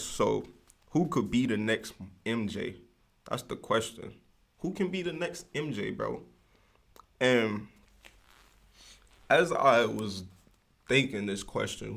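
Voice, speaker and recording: Young male podcast host, low gravelly voice, loose slangy solo rant that wanders. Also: a bit bright. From United States. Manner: loose, slangy, rambling, digresses often. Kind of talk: casual solo ranting.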